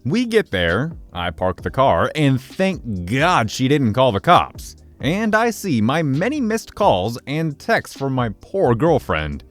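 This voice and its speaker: Animated male storyteller. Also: medium pitch, slow pace, hardly any pauses, faint music behind. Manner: lively, expressive storytelling. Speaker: story narrator. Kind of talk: reading Reddit stories aloud.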